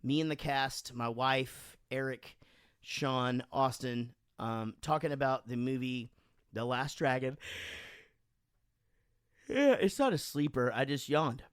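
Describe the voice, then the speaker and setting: A man co-hosting a casual podcast in his home studio, joking and excitable as he banters and talks over his co-host. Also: medium pitch, measured pace, clean tone, no room sound. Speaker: podcast co-host and band member. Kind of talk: casual drunken podcast chat.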